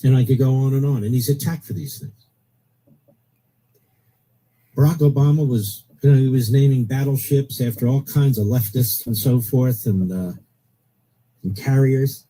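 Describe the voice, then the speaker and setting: A man's voice: mid-range voice, steady tone, normal speed, dark tone, rough recording. Blunt opinionated talk radio man. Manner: blunt, opinionated, emphatic repetition. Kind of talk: political talk radio monologue.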